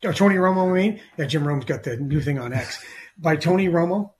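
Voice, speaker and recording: A man's voice: a little high, expressive, fairly quick, crowd noise. Ranting middle-aged sports radio man. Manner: emphatic, ranting, repeats himself. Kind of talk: opinionated sports talk.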